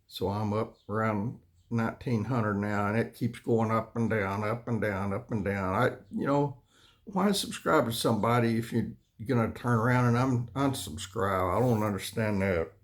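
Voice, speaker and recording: A man, hosting his own channel in a folksy, rambling, complaining monologue, often coughing and clearing his throat. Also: fairly low pitch, normal speed. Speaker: channel host.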